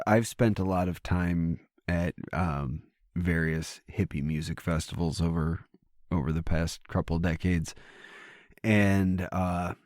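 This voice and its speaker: A middle-aged man co-hosting a podcast in casual chat, hoarse and gravelly from losing his voice, rambling and swearing casually. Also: low voice, darkish tone, no room sound, clean studio sound. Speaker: podcast co-host. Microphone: studio microphone.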